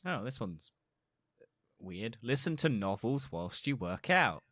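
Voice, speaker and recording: A man's voice: medium pitch, big pitch swings, slow pace, a bit bright, dry recording, studio quality. A young man co-hosting a podcast, talking bluntly with crude asides in casual chat. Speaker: podcast co-host.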